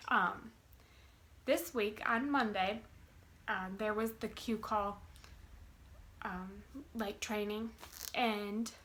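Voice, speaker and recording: Young woman, twenties, bubbly casual vlogger, bright tone, giddy and rambling. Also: a little high. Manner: bubbly, gushing, many fillers. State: giddy with excitement. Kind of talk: casual chat to camera.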